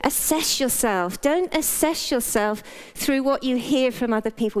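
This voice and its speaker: A woman's voice: sits high, a little slow, clean tone. A middle-aged British woman, a doctor, giving a frank, playful motivational talk in a conversational way. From Britain. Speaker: doctor and speaker.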